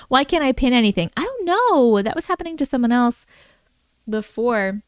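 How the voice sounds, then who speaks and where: A woman hosting a casual livestream, chatting excitedly and reacting to viewer comments as she reads and discusses their stories. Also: fairly high pitch, a little slow, no room sound, clean studio sound.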